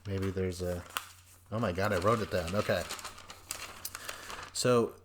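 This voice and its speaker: A man hosting a podcast, recapping a reality show in a rambling, profane way and acting out quoted people in quick voices. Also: low-pitched, steady tone, background noise. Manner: rambling and profane, jumps between notes. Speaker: podcast host.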